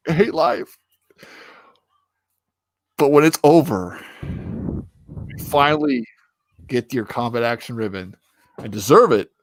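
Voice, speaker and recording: A man's voice: mid-range voice, animated, slow, long pauses, no room sound. A man hosting a casual chat with friends, crude and teasing, who laughs a lot and acts out mocking voices. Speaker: streamer host.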